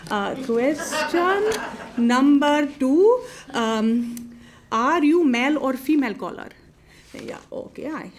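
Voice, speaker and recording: A woman's voice: high-pitched, a little hiss or hum. A woman playing a chatty older temple lady with a foreign accent, who halts with many fillers and mothers the caller on the phone in a live comedy monologue. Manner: patient, motherly, talks to the caller like a nosy aunt.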